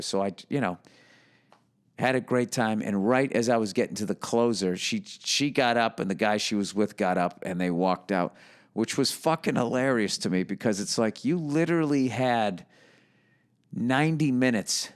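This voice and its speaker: A man's voice: lowish voice, moderate pace. A man in his fifties hosting a podcast, telling a story in a profane, sardonic, ranting monologue. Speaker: podcast host.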